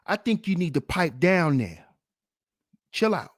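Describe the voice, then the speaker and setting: Slow, lively-pitched man scolding mockingly. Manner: mocking, scolding, repeats taunts. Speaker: channel host commentator. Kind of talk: livestream commentary rant.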